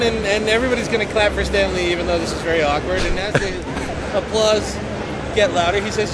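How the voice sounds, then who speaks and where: A man casually telling a story, animated and acting out what people said. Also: high-pitched, brisk. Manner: animated, laughing storyteller who acts out quotes. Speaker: convention attendee telling a story. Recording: loud crowd and noise outdoors.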